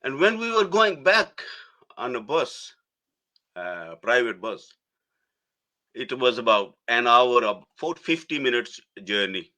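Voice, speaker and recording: A middle-aged man, a guest telling a personal story in a halting way, restarting phrases. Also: mid-range voice, big pitch swings. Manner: halting, restarts phrases, soft laughs between words.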